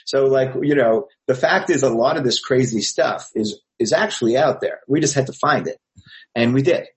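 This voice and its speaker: A man's voice: mid-range voice, moderate pace, low-quality recording. A man from Montreal, an actor, telling rambling anecdotes with many fillers in an interview. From Montreal, Canada. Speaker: actor and filmmaker guest.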